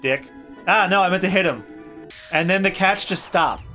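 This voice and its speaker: A man's voice: high-pitched, moderate pace, sharp tone, faint music behind. A man hosting a let's play, giving casual, joking and sarcastic gameplay commentary. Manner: joking, sarcastic, swears freely.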